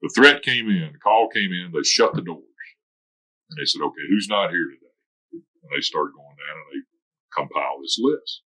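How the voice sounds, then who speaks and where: A man's voice: low voice, expressive, normal speed, sharp tone, rough recording. An older man, a retired soldier, giving an oral history interview in a rambling, anecdotal way. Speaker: interviewee, retired military veteran.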